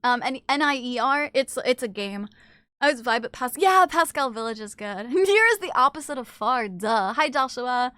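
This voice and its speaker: Chatting casually with her live chat between bites, a woman streamer talks at a normal pace, swings between loud exclamations and quiet asides, and swears without restraint. The sound is clean and echo-free, studio quality.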